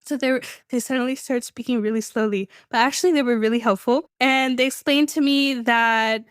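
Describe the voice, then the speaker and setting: A young woman hosting a podcast, telling a story in a chatty, animated way and laughing often. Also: a little high, a little fast, smooth, dry recording, clean studio sound. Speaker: podcast host. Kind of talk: casual storytelling monologue.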